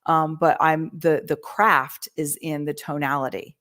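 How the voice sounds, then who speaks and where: Low-voiced woman coaching with animated asides. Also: measured pace. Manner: animated teaching, acts out quoted voices. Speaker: real estate agent. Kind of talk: podcast conversation, coaching.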